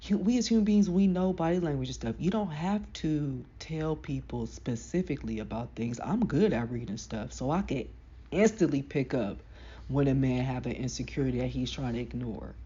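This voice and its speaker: A woman with a deep voice giving casual, frank motivational advice to camera. She talks emphatically, in slang. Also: moderate pace, dark tone, husky, dull audio. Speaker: self-help vlogger.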